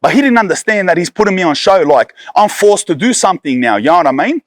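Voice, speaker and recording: A man's voice: high voice, big pitch swings, fast, dry recording, studio quality. An Australian man in his thirties from Sydney, telling a story bluntly with heavy swearing and street slang. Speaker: storyteller guest. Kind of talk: casual storytelling.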